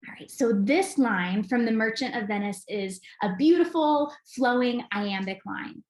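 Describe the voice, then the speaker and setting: A woman giving an enthusiastic, clear recorded lesson as an acting teacher. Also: a little high, expressive, a little slow, darkish tone, echoey room.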